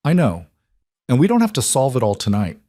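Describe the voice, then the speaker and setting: A man voicing a guarded mafia boss husband in a read-aloud story, speaking in a low-key, earnest way. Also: wildly swooping pitch, fairly quick, dark tone, no room sound, studio quality. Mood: gentle.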